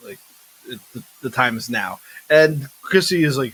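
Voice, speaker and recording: Male podcast co-host, bright and husky tone, easygoing asides. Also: on the high side, very animated, normal speed, long pauses, low-quality recording. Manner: conversational, chiming in with hypotheticals and asides. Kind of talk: casual movie chat.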